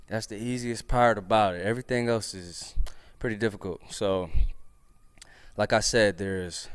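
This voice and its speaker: Slow-talking relaxed male drum teacher. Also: lowish voice, smooth. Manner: relaxed, chatty, counting rhythms aloud. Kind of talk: casual drum lesson.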